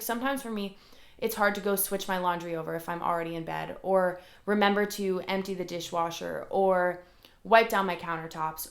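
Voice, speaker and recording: In an echoey room at home, a woman with a mid-range voice hosts her own motivational podcast. Her earnest, rambling talk is full of "like" fillers, recorded alongside a camera.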